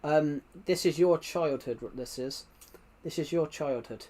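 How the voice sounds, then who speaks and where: A British man with a slightly high, darkish voice chats casually on a game stream at a somewhat slow pace. He rambles and repeats himself, and his mic sits a bit away behind a laptop.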